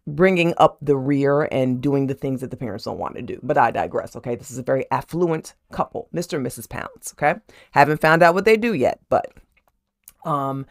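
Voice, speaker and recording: Low gravelly woman hosting a horror book vlog. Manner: chatty, keeps checking in with "okay?"; animated, laughs while retelling. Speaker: host and horror book reviewer. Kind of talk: casual chapter recap.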